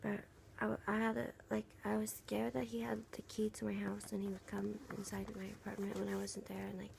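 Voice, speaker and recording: Young woman, gravelly fry, flat soft delivery, half-whispered, casual venting vlog. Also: medium pitch, a little hiss or hum. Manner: soft, halting, many fillers and restarts. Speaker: vlogger.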